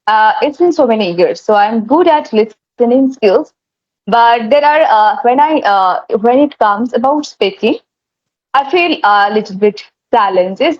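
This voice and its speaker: Woman, higher voice, earnest host who stumbles and restarts over a dull lo-fi call line. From India. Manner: earnest, hesitant with many fillers and restarts. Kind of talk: casual conversation practice. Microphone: video call.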